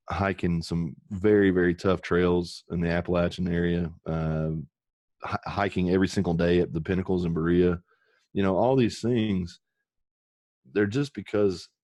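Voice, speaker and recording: A man's voice: low voice, darkish tone, no room sound, studio quality. A man, a podcast guest, telling stories in a candid, earnest way that turns emotional, with casual swearing.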